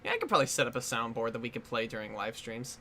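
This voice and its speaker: A man's voice: medium pitch, big pitch swings, rapid-fire, sharp tone, a little hiss or hum. A man hosting a casual movie commentary, chatty and playful, laughing often. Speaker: commentary host.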